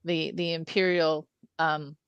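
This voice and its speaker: A woman making careful, analytical points in a relaxed film discussion, often checking that the others agree. Her voice is lower than most women's and sounds dry and close to the mic. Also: slow, clean tone, dry recording, highs cut off. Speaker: podcast co-host. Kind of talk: casual film review chat.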